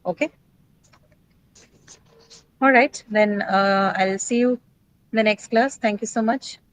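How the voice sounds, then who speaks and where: A woman's voice: mid-range voice, slow, no echo, poor audio. A woman teaching an English class, explaining patiently with frequent fillers and check-in questions. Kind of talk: online class lecture.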